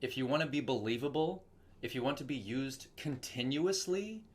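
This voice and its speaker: A man's voice: medium pitch, moderate pace. A young man, a voice actor from Texas, chatting casually in an interview and acting out quoted voices as he tells stories. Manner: animated storytelling with quoted voices. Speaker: voice actor guest.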